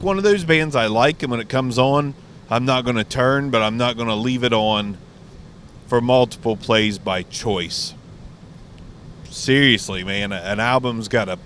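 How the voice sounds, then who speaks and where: A man's voice: medium pitch, a bit bright. A man talking casually and rambling about albums, swearing freely while driving. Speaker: music reaction vlogger. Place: inside a car.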